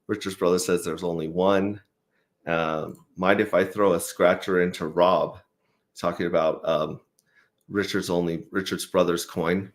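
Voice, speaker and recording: A man hosting a casual livestream, reading viewer comments aloud in a relaxed way with lots of fillers. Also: sits low, a little slow. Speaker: host.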